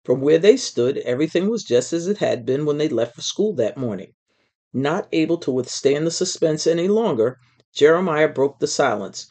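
A storyteller reading a children's book aloud in an expressive, measured way. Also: mid-range voice.

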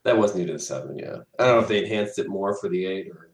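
Low-voiced man in an echoey room. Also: quick pace. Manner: unsure, trailing off mid-thought. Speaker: podcast co-host. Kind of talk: casual tech chat.

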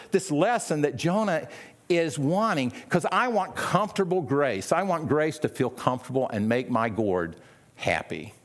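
Speaking in a mid-range voice, a middle-aged pastor delivers a conversational sermon, frequently posing rhetorical questions to his listeners.

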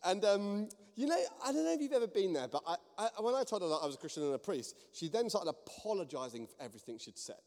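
An Englishman preaching from the front of a large hall, his voice pitched a little high and trailing a long reverb. He is a priest who tells stories earnestly and with animation, and he moves between relaxed anecdote and heartfelt sermon. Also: fast talker, few pauses. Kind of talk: sermon with storytelling.

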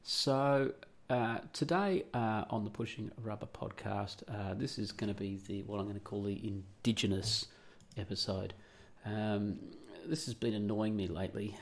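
Gravelly Australian podcast host. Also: male voice, on the low side, fairly even intonation, moderate pace. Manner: rambling, blunt, swears freely. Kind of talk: casual opinionated monologue.

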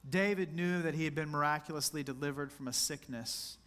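Male pastor, higher-pitched, intimate earnest sermon delivery. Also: fairly bright tone. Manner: earnest, intimate preaching, drawn-out emphasis on scripture; addresses the congregation directly as "church".

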